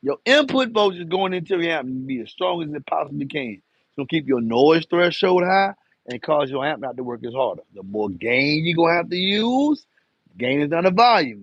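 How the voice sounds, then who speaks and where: A man hosts a live car audio Q&A in a relaxed, talkative way, teasing viewers as he reads their comments. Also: on the high side, husky, no room sound, highs cut off. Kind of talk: casual live-stream Q&A.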